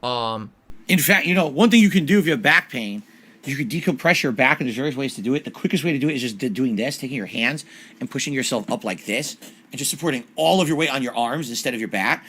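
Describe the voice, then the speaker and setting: A man's voice: mid-range voice, expressive, quick pace, sharp tone, husky. A man in his early forties answering live chat on a stream, blunt and easily irritated, calling viewers idiots. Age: 40s.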